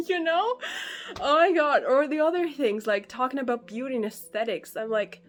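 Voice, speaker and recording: A woman giving her reactions in a casual book vlog, animated and exasperated, laughing often and swearing, recorded on a phone held at arm's length. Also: high voice, normal speed, soft background music. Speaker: book vlogger.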